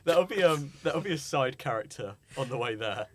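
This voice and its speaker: A young man co-hosting a podcast, casually chatting and joking as he spins out absurd pitch ideas. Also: expressive, fairly quick. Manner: jokey, riffs out absurd story pitches. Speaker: podcast co-host. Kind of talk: casual chat.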